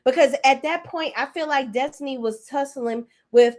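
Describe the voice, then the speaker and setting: A woman's voice: moderate pace, few pauses. A woman in her forties giving a blunt, profane, sassy reality TV recap rant as host. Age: 40s. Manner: mocking and animated, swings between high and low. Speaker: commentary host.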